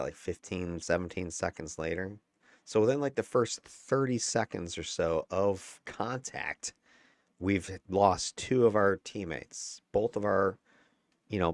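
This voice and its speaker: A man's voice: sits low, no echo, studio quality. A man giving a casual, candid breakdown of his own gameplay footage, chatty and given to chuckles and mild swearing. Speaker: gameplay commentator.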